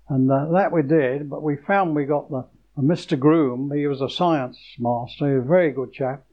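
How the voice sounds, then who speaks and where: Older man, halting reminiscence, lo-fi. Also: fairly high pitch. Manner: halting, with many restarts and fillers. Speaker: former pupil. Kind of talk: oral history reminiscence. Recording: dull lo-fi recording.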